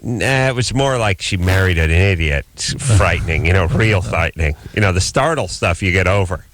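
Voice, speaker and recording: A man co-hosting a late-night call-in radio show, telling stories in a dry, deadpan way on a studio microphone. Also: normal speed, no room sound. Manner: dry, deadpan storytelling with lively swings in pitch. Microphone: studio broadcast microphone.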